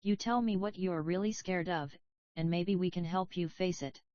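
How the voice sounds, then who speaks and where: A woman's voice: on the low side, normal speed, darkish tone, dry recording, natural voice. A woman voicing an earnest, thoughtful cubehead heroine in a storybook reading, on a dull, dry lo-fi recording. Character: soft-spoken blue cubehead heroine, young woman, earnest.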